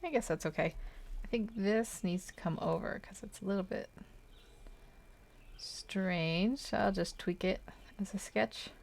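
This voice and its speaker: A woman's voice: mid-range voice, unhurried, creaky, a little mellow. A woman chatting casually while she draws, thinking aloud and hesitant, with frequent little laughs. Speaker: artist streaming a drawing session. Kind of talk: casual chat while drawing.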